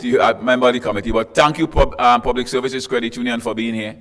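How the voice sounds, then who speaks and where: A man's voice: medium pitch, steady tone, fast talker, a bit bright, in a large hall. A man from Tobago with a Tobagonian accent, acting as emcee of a formal panel in a hotel conference room. He greets the guests in a chatty way and jokes with the crowd. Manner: chatty and joking, with asides to the audience. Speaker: event emcee. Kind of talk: ceremonial address with greetings.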